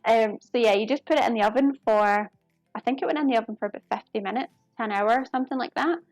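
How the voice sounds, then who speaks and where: A woman's voice: on the high side, dry recording, soft background music. A young woman with a Glasgow Scottish accent chatting casually to viewers while she cooks on a live stream, friendly and often apologetic. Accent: Glaswegian Scottish. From Scotland. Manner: chatty, apologetic, quick to laugh.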